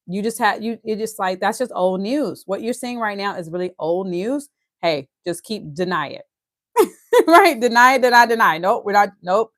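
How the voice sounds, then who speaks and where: A woman from Louisiana with a Southern accent, reading a book aloud and breaking off to explain it in a quick, excited, emphatic way, laughing often. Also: medium pitch, no room sound, clean studio sound. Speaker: host reading and discussing a book. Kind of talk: casual teaching, reading aloud with commentary.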